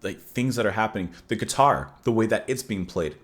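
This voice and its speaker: A man's voice: on the low side, expressive, fairly quick. A man hosting a casual music reaction, thinking aloud enthusiastically with many fillers and restarts, and reading song lyrics aloud with feeling.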